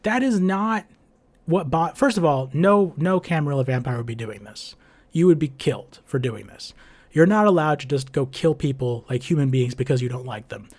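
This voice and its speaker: A man's voice: fairly high pitch, animated, moderate pace, darkish tone. A man giving a profane, exasperated casual rant about a video game.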